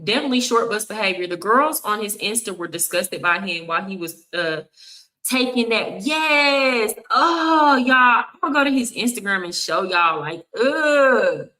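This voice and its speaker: A woman's voice: mid-range voice, lively intonation, normal speed, sharp tone, low-quality recording. A woman from Texas with a Texan accent, giving blunt, sassy live reaction commentary straight to her viewers. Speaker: streamer reacting to clips.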